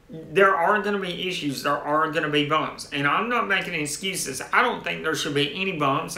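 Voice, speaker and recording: A man's voice: on the high side, sharp tone, echoey room. A man hosting a tech channel in casual live-stream chat, rambling with restarted phrases as he answers viewer comments.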